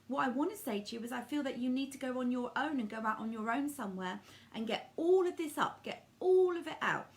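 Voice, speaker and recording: Lady medium, gravelly voice, chatty and fond with everyone, calls them sweetie. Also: on the high side, slight background noise. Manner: affectionate, calls viewers darling and sweetie. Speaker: medium doing live card readings. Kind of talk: live-stream card reading and chat.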